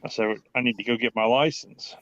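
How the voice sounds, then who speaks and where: A man's voice: mid-range voice, steady tone, brisk, a bit bright, dry recording. A man from Ohio telling a story in casual chat, rambling and profane, quoting himself and others. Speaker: guest in group chat. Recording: dull, slightly lo-fi dry audio.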